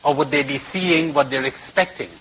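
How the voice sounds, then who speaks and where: A man's voice: on the high side, moderate pace, pushed and bright, slight background noise, poor audio. A man giving a spiritual talk to a retreat audience, telling stories and repeating phrases for emphasis, recorded on old tape. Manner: storytelling with varied emphasis and repetition. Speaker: spiritual teacher.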